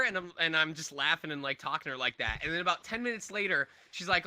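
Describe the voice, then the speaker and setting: Male voice actor, thirties, chatty convention Q&A, bright and a bit high. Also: expressive, a little fast, hardly any pauses, no room sound. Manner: chatty, laughs often, jumps between voices. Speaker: voice actor guest. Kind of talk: convention Q&A answers.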